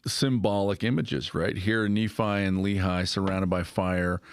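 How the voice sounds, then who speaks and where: A man's voice: sits low, steady tone, unhurried, clean tone, no room sound. A man hosting a podcast conversation, thinking aloud with restarts and checking in with "right?". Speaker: podcast host. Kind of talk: casual conversational discussion.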